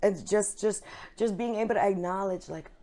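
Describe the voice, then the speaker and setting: A woman's voice: mid-range voice, moderate pace, mellow. A woman, an actress, speaking openly and earnestly about her feelings in a casual interview chat, with plenty of fillers. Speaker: actress, guest.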